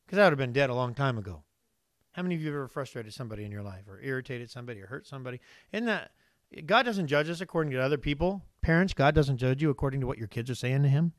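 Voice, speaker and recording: A man's voice: on the high side, a bit bright, no room sound, clean studio sound. A man preaching a conversational sermon, reading scripture and asking the congregation questions. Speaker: pastor.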